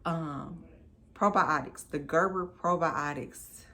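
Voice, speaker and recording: A woman's voice: lowish voice, normal speed, a bit bright. A woman in her thirties, a new mom telling her story to camera in a candid, chatty, emphatic way.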